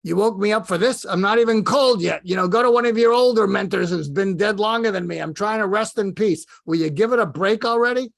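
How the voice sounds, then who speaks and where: A man putting on the voice of an impatient, gruff old man with a Brooklyn accent, scolding loudly. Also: high-pitched, a little fast, few pauses, voice pushed up. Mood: exasperated. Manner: exasperated, scolding, loud.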